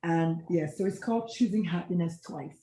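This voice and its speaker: Speaking at a moderate pace in a mellow, low-leaning voice, a middle-aged former pediatrician who now works as a life coach shares her story in an interview. She's earnest and reflective, reenacting past exchanges as dialogue, in an echoey room.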